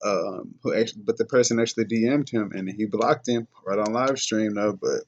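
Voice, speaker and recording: A man from Dallas giving reaction commentary on a clip, measured and explanatory, with fillers and self-corrections. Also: fairly low pitch, lo-fi sound. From Dallas, Texas. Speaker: rapper reacting to a video.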